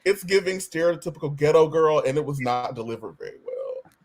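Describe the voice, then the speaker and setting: Lively expressive panelist. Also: medium pitch, a little fast. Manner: expressive, laughs often. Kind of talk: casual panel chat.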